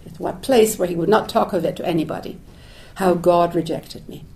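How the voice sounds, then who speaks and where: A woman's voice: on the low side, steady tone, a little fast, mellow. A woman giving a reflective public lecture, thinking aloud with restarts and asides, dropping Hebrew phrases into her talk. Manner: thoughtful, searching, with restarts and asides. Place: lecture hall.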